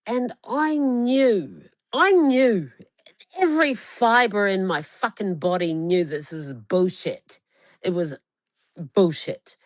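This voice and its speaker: A woman's voice: lowish voice, expressive, unhurried, no echo. A woman in her forties, talking in a casual chat, telling stories emphatically and swearing heavily. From Australia. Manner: heavily profane, emphatic storytelling.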